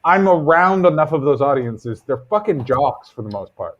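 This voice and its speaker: A man's voice: on the high side, expressive, moderate pace, a bit bright, muffled recording. A man co-hosting a stream as a comedian, chatting casually in a loose, rambling, profane way. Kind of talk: casual chat.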